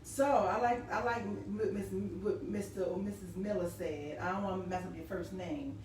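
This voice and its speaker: A woman's voice: mid-range voice, steady tone, normal speed, darkish tone. A woman hosting a casual live-stream talk show, telling stories animatedly and reading viewer comments aloud. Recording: echoey room, distant mic, faint noise.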